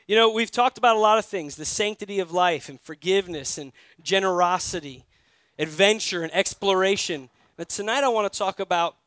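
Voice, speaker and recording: A man from New York preaches a sermon in a high, smooth, resonant voice. He tells stories in a conversational way and often turns to his listeners with direct questions. The recording is dry and close. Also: fairly bright tone, no room sound. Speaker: pastor.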